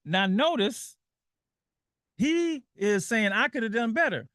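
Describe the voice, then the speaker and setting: A man with a high, bright voice hosts a call-in radio show. He talks in an animated way, reads quotes aloud and laughs often. The sound is dry and close on a studio mic. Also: slow pace, no echo.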